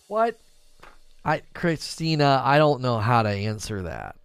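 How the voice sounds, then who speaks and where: Middle-aged male streamer, animated and chatty, mid-pitched voice with a lively range. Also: measured pace, clean tone, soft background music. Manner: animated, chatty, addresses viewers directly. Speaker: gaming news livestreamer. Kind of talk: casual livestream chat.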